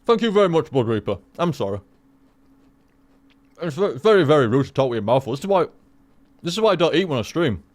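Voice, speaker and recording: A man's voice: fairly high pitch, very animated, brisk, pauses often. A young man chatting casually to his stream viewers, rambling and swearing with lots of restarts.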